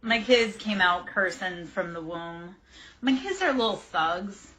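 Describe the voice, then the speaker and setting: A woman's voice: mid-range voice, animated, measured pace, fairly bright tone. A woman in her forties hosting a livestream tarot reading, chatting casually with viewers and drifting off on tangents. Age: 40s. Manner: chatty, rambling, goes off on tangents while answering chat. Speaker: tarot reader and livestream host.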